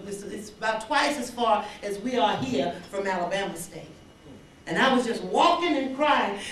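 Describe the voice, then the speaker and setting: A woman's voice: mid-range voice, a little hiss or hum. An older woman, from the Mississippi Delta, giving an inspirational banquet speech and acting out the dialogue in her stories. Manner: animated storyteller who acts out dialogue. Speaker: banquet speaker. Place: large banquet hall. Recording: echoey hall recorded from far off.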